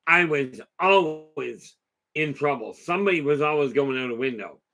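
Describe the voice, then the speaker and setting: A man's voice: on the high side, animated, normal speed, vocal fry, sharp tone. A man hosting a casual live talk, telling a long story in a rambling, chatty way and answering viewer comments. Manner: rambling, chatty, with many restarts and asides. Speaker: host.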